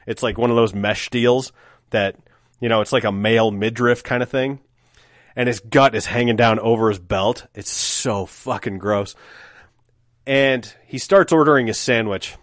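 A man's voice: fairly low pitch, no echo, clean studio sound. A man in his thirties hosting a solo podcast, telling stories in a wry, profane, casual way with lots of filler words. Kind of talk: casual storytelling monologue.

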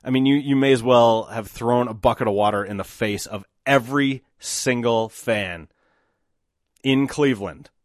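A man hosting a solo podcast, telling stories with animated, emphatic bursts of excitement. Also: medium pitch, moderate pace, no room sound, clean studio sound. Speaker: podcast host.

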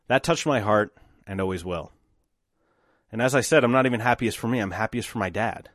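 A man hosting a solo podcast, telling stories with animated, emphatic bursts of excitement. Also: fairly low pitch, brisk, pauses often, no echo, clean studio sound. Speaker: podcast host.

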